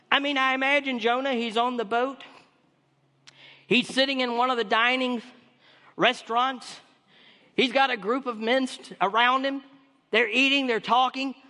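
Emphatic high-voiced preacher in reverb. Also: male voice, sharp tone. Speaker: pastor. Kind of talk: sermon.

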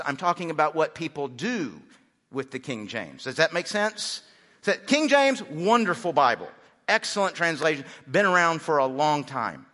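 A man's voice: fairly high pitch, pushed and bright. A man, a pastor, preaching a conversational sermon and often repeating words as he starts a sentence. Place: large church sanctuary. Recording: hall reverb.

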